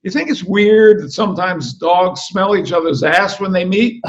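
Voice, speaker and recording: A man reading aloud as a wry male dog who narrates his comic observations in a deadpan way. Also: high voice, moderate pace, lo-fi sound, voice pushed up, natural voice.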